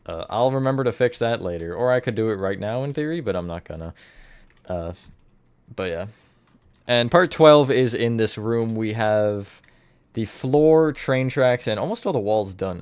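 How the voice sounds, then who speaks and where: A man with a lowish voice chats loosely through a live stream. He rambles and thinks aloud as he builds, stopping now and then to greet viewers. The sound is close and dry, with keyboard typing behind him. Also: expressive, normal speed, a little mellow, clean tone, no echo. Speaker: livestreamer building in a game. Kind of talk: casual live-stream chat.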